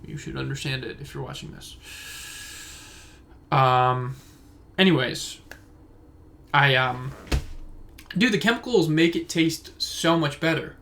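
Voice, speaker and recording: Slow, creaky, and a bit bright at medium pitch, this young man's voice pauses often as he hosts a casual solo podcast from his room. He's in his twenties, records on a phone camera, and rambles off on tangents over slight background noise.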